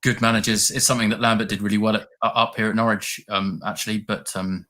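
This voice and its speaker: A man talking as a guest on a casual fan show over a video call, halting and repeating words while he thinks. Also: on the low side, little pitch movement, bright, forceful tone. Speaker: pundit guest. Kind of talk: casual opinion chat.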